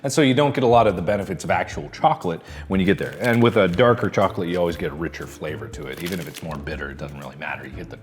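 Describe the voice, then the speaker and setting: A man's voice: sits low, very fast, few pauses, slight background noise. A man from the United States chatting casually as he tastes and reviews snacks, rambling with lots of fillers. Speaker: food taste-tester.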